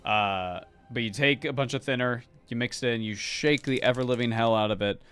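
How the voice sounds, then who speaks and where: A man's voice: medium pitch, brisk, a bit bright, smooth. A man streaming his miniature painting, chatting casually and rambling about paints with a loose, sweary way of talking. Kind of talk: casual hobby chat while painting.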